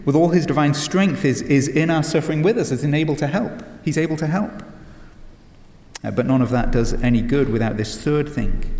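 A man's voice: medium pitch, darkish tone. Guy preaching, lots of uh's and rhetorical questions, echoey church hall. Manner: earnest, many "uh" fillers and restarts, rhetorical questions. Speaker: pastor. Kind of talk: sermon. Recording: echoey hall with long reverb.

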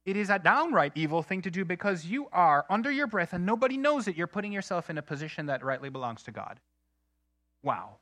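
Guy preaching a sermon, bright tense voice, leans hard on big lines, dry close sound. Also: high voice, very animated, no room sound. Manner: earnest, emphatic preaching with slowed, stressed phrases. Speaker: pastor.

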